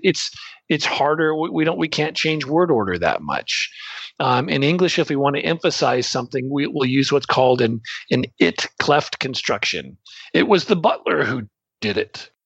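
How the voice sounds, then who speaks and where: A man's voice: mid-range voice, fairly bright tone, breathy edge, no room sound, highs cut off. A man teaching Greek grammar in a loose, conversational way, explaining ideas through everyday analogies.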